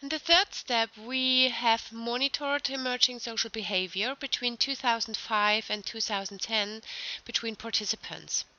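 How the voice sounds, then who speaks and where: A young woman giving a conference talk as a researcher, explaining her findings carefully and methodically with phrasing and pauses. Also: fairly high pitch, steady tone, bright, forceful tone, no room sound. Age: young adult. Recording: dull lo-fi recording.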